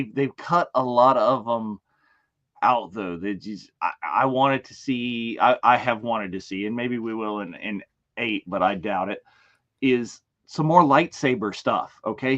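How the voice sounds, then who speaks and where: A mid-pitched man co-hosting a casual streamed panel show. He talks in an animated, rambling way, restarting his sentences often. The sound is slightly dull and lo-fi. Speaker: podcast co-host.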